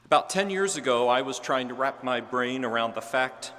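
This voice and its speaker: A man giving a homily as a priest, telling a personal story in a gentle, earnest way with touches of quiet humor. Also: medium pitch, lively intonation, moderate pace. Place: large church. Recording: long church reverb.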